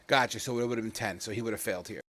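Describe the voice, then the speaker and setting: A man's voice: fairly low pitch, racing, bright, forceful tone, no echo, clean studio sound. A man running a tabletop game as game master, joking and swearing loosely as he narrates.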